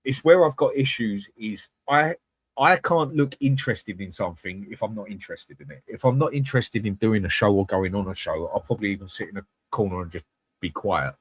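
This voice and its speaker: A man's voice: lowish voice, husky, no room sound. A man hosting a live fan channel, chatting bluntly with viewers and swearing freely. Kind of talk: live-stream chat reading comments.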